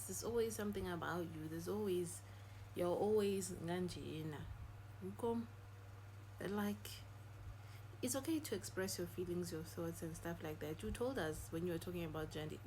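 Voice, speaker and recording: Reaction host, woman, lower pitch, teasing and critical asides. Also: darkish tone, slight background noise, rough recording. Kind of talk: casual reaction commentary.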